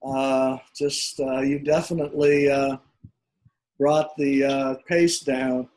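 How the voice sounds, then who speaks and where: A man's voice: medium pitch, flat delivery, slow pace, darkish tone. A man hosting a conversation, speaking hesitantly with many fillers. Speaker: host. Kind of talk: casual chat.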